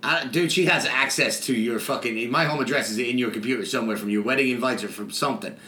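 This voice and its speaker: A man's voice: mid-range voice, quick pace, sharp tone. A man co-hosting a casual podcast, teasing his partner and reading out a listener review. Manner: laughing, teasing, profane. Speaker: podcast co-host.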